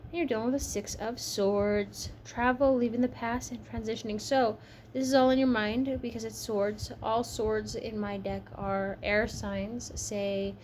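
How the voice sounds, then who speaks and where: A woman's voice: on the high side, steady tone, measured pace, hardly any pauses, darkish tone, slight background noise. A woman giving a casual tarot reading, chatty and frank, tired from a long shift. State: tired, yawning. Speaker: tarot reader.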